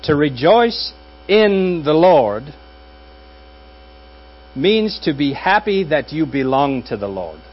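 A man's voice: a little high, sing-song, slow, pauses often. A man preaching a sermon as pastor in a conversational, wry manner with dry jokes. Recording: dull audio with faint mains hum.

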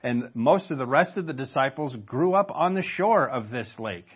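A man's voice: medium pitch, lively intonation, moderate pace, husky, lo-fi sound. A man preaching a sermon in a conversational way, stopping for rhetorical questions and asides. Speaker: pastor.

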